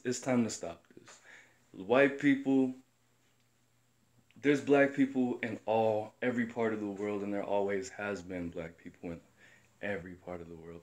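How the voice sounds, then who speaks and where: A man's voice: fairly low pitch, a little mellow. Young man, from the Chicago area, casual rant, blunt, profane, rambling. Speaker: commentator.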